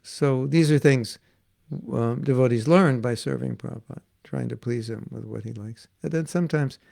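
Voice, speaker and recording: A man's voice: medium pitch, normal speed, gravelly, a little mellow. A man giving an informal devotional class, chatty and laughing as he tells stories and acts out the voices in them. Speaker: spiritual teacher giving a class.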